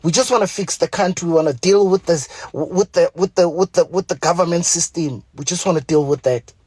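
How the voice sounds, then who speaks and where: A man's voice: a little high, brisk, a little mellow, slightly rough, dry recording. A man with a South African accent ranting angrily to camera, profane and pleading by turns. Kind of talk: angry direct-to-camera rant.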